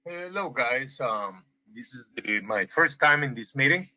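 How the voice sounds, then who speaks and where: A man's voice: mid-range voice, expressive, a little slow, pushed and bright. A man from Israel who lived in South America, speaking with a mixed accent as a caller on a video call, friendly and a bit hesitant. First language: Hebrew or Spanish. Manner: friendly, hesitant, laughs easily. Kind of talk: casual video call chat. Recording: dull lo-fi call audio.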